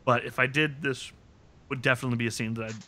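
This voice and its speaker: A man's voice: medium pitch, fast talker. A man hosting a podcast, recapping episodes in casual chat and eagerly quoting scenes with joking relish. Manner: animated storytelling, quotes scenes with relish. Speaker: podcast host.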